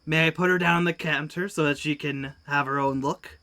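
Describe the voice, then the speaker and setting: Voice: medium pitch, steady tone, brisk, sharp tone, a little hiss or hum. A player in a tabletop game who speaks politely and dryly, in short replies. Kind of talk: casual tabletop game talk.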